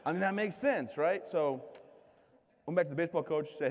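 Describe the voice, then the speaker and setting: An American man gives a comedic motivational keynote at a large event, telling self-deprecating, joking stories. His mid-range voice has lively intonation and runs a little fast, heard through a PA in a reverberant hall.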